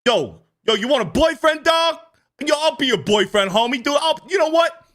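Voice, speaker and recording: A man's voice: very high-pitched, lively intonation, normal speed, fairly bright tone, pitched above the performer's own voice. A man voicing a mocking, swaggering young tough guy, full of exaggerated slang and sneering.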